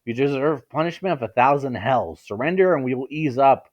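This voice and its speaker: A man's voice: medium pitch, lively intonation, a little fast, dull audio, natural voice. A man reading a commanding young noblewoman. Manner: bossy, commanding.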